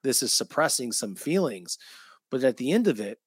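A middle-aged man hosting a conversation, talking reflectively and filling pauses with "you know". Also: medium pitch, big pitch swings, breathy edge, no room sound. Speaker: podcast host. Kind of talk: casual chat.

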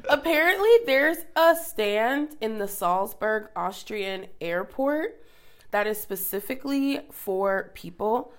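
A woman's voice: medium pitch, lively intonation, slow pace. A woman co-hosting a pop-culture podcast in casual chat, dry and easygoing, laughing along. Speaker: podcast co-host.

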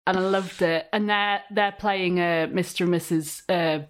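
A woman's voice: lowish voice, fairly even intonation, normal speed. A woman appearing as a podcast guest, chatting casually in an enthusiastic, rambling, giggly way. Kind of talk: casual chat.

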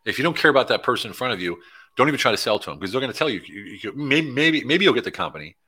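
A man from Pennsylvania, a guest in a casual interview, telling animated stories and acting out the dialogue of people he met. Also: mid-range voice, racing, slightly rough. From Pennsylvania, USA.

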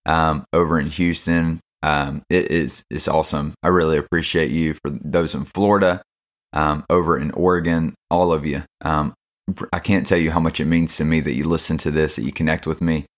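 A man's voice: rumbling low, steady tone, moderate pace. A young man hosting a casual devotional podcast, laid-back and slangy, with lots of fillers. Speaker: podcast host.

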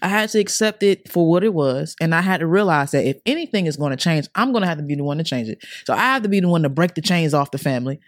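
A woman's voice: deep voice, animated, quick pace, few pauses, dry recording, studio quality. A young adult woman as a podcast guest, telling her life story with earnest, repetitive, slang-filled casual talk. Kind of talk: emotional personal storytelling.

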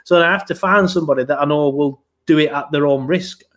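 A man's voice: fairly high pitch, quick pace, a crowd in the background. Rambling young man. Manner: rambling, swearing, self-interrupting. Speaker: podcast host. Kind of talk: casual chat.

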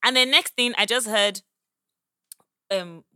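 A woman, telling a story in a casual chat and acting out the quotes loudly. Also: fairly high pitch, animated, takes it slowly, pauses often, dry recording, clean studio sound.

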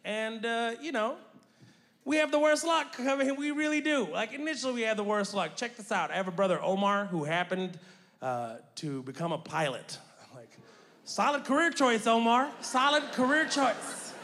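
High-pitched stand-up comedian on stage. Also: male voice, normal speed, creaky. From United States, Houston. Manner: animated storytelling, acting out relatives' voices. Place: large theater stage with live audience. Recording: stage mic with loud crowd and room noise.

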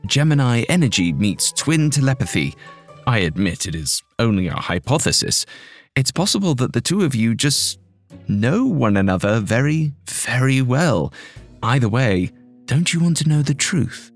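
A man's voice: medium pitch, very animated, normal speed, soft background music. A man voicing an eccentric, cheerful woman researcher in a scripted audio drama, sounding eager and matter-of-fact.

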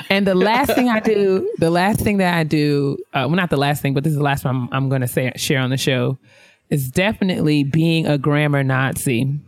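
A woman co-hosting a show, chatting casually and telling animated stories. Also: low voice, moderate pace, dry recording, clean studio sound. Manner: animated, acts out other people's voices. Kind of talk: casual chat, storytelling.

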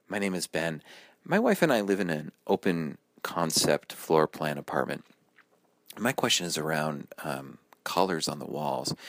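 Male caller, very deep voice, hesitant, dry close recording. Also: no echo. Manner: hesitant, plain. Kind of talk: recorded listener question.

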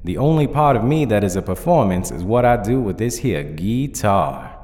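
A man's voice: fairly low pitch, sing-song, moderate pace, a little mellow, big-room sound, pitched above the performer's own voice. A man playing a courteous zombie cowboy singer. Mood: polite. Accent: Southern US. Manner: courteous, formal drawl. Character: undead male zombie country singer, polite.

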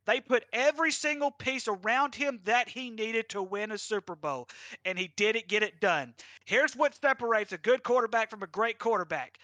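A man's voice: high-pitched, bright, forceful tone, no echo. A man co-hosting a football podcast, delivering a fiery, emphatic rant. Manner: ranting, emphatic, bursts of laughter. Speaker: podcast co-host.

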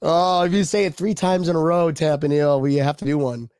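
Casting note: excitable male co-host, voice sits a bit high, dry close mic, jokey casual chat. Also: a little fast, clean tone, no echo. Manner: joking, laughs often, excitable. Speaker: podcast co-host. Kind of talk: casual chat reading viewer comments.

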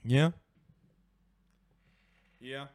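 A man's voice: extremely slow, darkish tone, no room sound, studio quality. A man hosting a casual sports talk show from home, chatty and rambling, with many restarts and fillers. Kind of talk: casual live-stream chat.

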